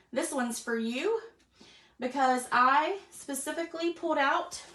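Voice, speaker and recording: Lady chatting on a craft live stream, bit high voice, laughs a lot, lots of y'all. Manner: chatty, warm-hearted, laughs often, says y'all a lot. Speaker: craft show host. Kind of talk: casual live stream chat.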